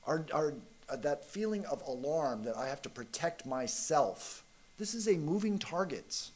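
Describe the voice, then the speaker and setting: A man's voice: fairly high pitch, measured pace. Man telling a parable in a sermon. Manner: conversational, relaxed, frequent fillers. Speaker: monk giving a spiritual talk. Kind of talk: sermon with storytelling.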